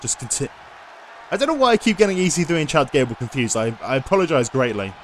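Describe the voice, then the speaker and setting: Excitable man calling wrestling play-by-play. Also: on the high side, quick pace, slight background noise. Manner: excitable, bursts into loud shouts at near-falls. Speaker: game commentator.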